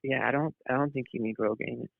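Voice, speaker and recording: A man's voice: mid-range voice, fairly even intonation, fast talker, vocal fry, no echo. A man calling in to a live stream, speaking in a friendly, hesitant way. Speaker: caller. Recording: tinny phone line.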